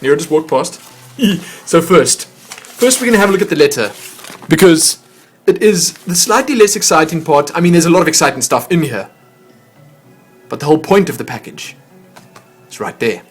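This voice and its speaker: A man's voice: on the high side, very animated, moderate pace, pauses often, husky, soft background music. A man hosting a vlog, chatting casually and poking fun at himself as he stumbles over foreign words. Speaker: vlog host opening fan mail. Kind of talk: casual chat to camera.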